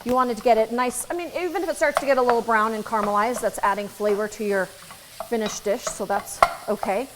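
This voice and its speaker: A chatty woman chef talks viewers through a recipe at the stove, joking as she goes. Her voice sits a bit high, and a sizzling pan hisses clearly underneath it. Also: quick pace. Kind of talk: casual cooking demonstration. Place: kitchen at the stove. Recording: sizzling pan noise behind the voice.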